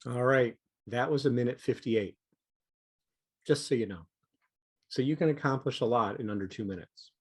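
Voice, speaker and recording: A man's voice: medium pitch, moderate pace, pauses often, husky. A man leading an online training session in a casual, conversational way with frequent fillers.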